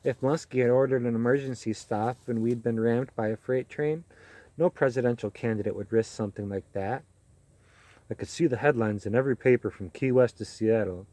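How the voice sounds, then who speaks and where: Brief: male audiobook reader, measured delivery, warm mellow tone, dry close recording. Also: mid-range voice, no echo. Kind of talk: audiobook narration.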